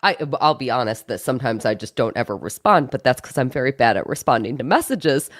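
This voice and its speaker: A woman's voice: a bass voice, expressive, dry recording, studio quality. A woman guest on a film podcast, talking frankly and firmly in casual chat. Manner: frank, opinionated, quick asides.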